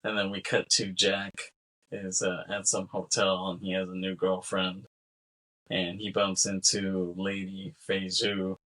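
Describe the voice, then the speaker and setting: A man's voice: low-pitched, completely flat delivery, unhurried, sharp tone, rough recording. A man co-hosting a film podcast, chatting casually and laughing often as he retells scenes. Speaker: podcast co-host. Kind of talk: casual film-discussion chat.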